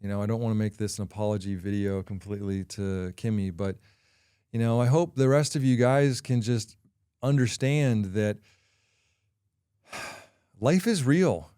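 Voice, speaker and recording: Middle-aged guy hosting his podcast, candid and halting, lots of pauses, unhurried, no room sound at all. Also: mid-range voice, darkish tone, clear, resonant tone, no room sound, clean studio sound. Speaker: podcast host. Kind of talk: personal confessional monologue.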